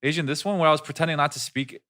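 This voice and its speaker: A man's voice: on the high side, very fast. A man whose first language is Korean, chatting casually and telling funny stories, acting out other people's voices and saying "dude" a lot. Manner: animated storyteller who acts out voices and says "dude" a lot. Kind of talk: casual chat, storytelling.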